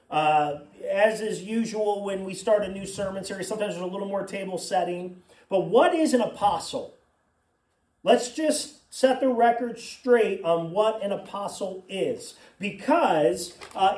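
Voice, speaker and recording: A man preaching a sermon as pastor, in a conversational way with personal asides, in a church. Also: high-pitched. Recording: echoey room, mic at a distance.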